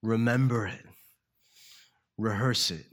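A man preaching a sermon as pastor, earnest and slowing down to stress key words. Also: on the low side, fairly bright tone. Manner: earnest, slows down for emphasis.

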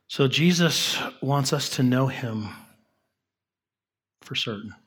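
Husky-voiced man preaching casually. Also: mid-range voice, slow. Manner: conversational, drops to a soft hush on key lines. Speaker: pastor. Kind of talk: sermon.

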